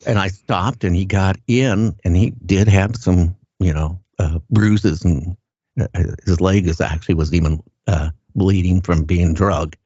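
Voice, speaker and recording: An older man with a very low voice tells his story in a plain, earnest way. He stops and restarts, often repeating words as he goes. The sound is dull and lo-fi and very dry, with no room around it. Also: steady tone, measured pace, dark tone, husky, no echo. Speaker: guest recounting an encounter. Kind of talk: casual first-person storytelling.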